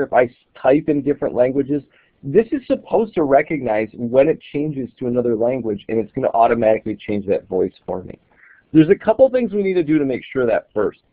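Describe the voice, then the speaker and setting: A man of ordinary pitch talks through an app step by step in a relaxed, explanatory way. The audio is thin and phone-like, with a dry, close sound and no room around it. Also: no room sound. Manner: casual, explanatory, thinking aloud while demonstrating. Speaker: app reviewer. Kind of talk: screen-recorded software tutorial.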